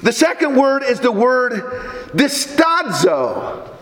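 High-pitched preacher guy, stammers and restarts a lot, big echoey church sound. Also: lively intonation, unhurried, a bit bright. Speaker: pastor. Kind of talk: sermon.

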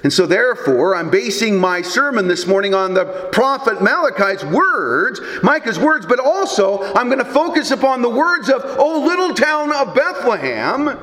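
A man's voice: sits high, sing-song, moderate pace, few pauses, pushed and bright. A man, a Lutheran pastor, preaching a sermon and telling stories in a conversational way. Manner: storytelling, conversational with occasional restarts. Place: church sanctuary. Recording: echoey hall with long reverb.

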